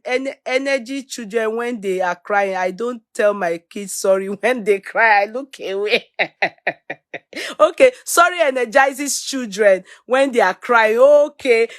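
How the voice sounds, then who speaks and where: A middle-aged woman with a Nigerian accent, hosting a casual live stream, reading viewer comments and telling stories in an animated way, switching into Pidgin and Yoruba. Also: on the high side, a little slow, no room sound, studio quality. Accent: Nigerian, Yoruba-influenced English. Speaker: livestream host.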